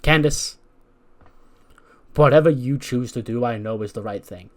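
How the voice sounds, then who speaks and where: A blunt male wrestler and husband, as a man voices him, plain and exasperated in his talk, in a mid-pitched, everyday voice. He speaks quickly and bluntly. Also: lightly acted. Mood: supportive.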